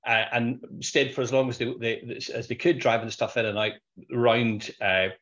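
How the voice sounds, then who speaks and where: A man, a financial planner on a podcast, telling an animated anecdote in casual conversation. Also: medium pitch, moderate pace, muffled recording. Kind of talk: conversational storytelling.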